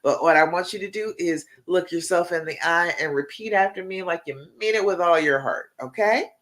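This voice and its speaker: A woman's voice: lowish voice, moderate pace, fairly bright tone. A woman coach on a live stream, giving encouraging instructions in an emphatic, repetitive way and ending many points with "okay?". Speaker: relationship coach.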